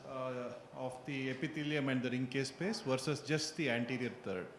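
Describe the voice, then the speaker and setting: A man's voice: mid-range voice, normal speed. Male audience questioner, rephrases as he goes, roomy noisy hall. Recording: echoey hall with noise.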